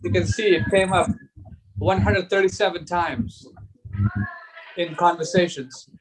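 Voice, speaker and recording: A man's voice: sits high, fairly even intonation, measured pace. A man leading a group discussion, reading conversation transcripts aloud and chuckling now and then over a video call.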